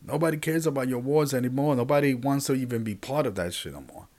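A man's voice: medium pitch, fast talker, darkish tone. A man hosting his own podcast, talking casually and animatedly in a rambling monologue, often restarting sentences and speaking to his listeners. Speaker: podcast host.

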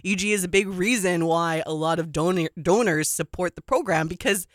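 A sports radio host in casual, animated studio chat, emphatic and quick to laugh. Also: female voice, fairly low pitch, no room sound. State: a little out of breath.

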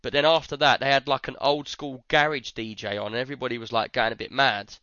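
A man's voice: mid-range voice, quick pace, dry recording, muffled recording. A man, chatting casually on a podcast and acting out the lines of people in his stories. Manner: animated storyteller, acts out others' lines. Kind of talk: casual chat.

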